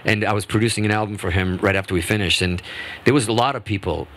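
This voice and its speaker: A man being interviewed as a guest musician on a radio show, telling animated, rambling stories full of restarts. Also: lowish voice, fast talker. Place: radio studio.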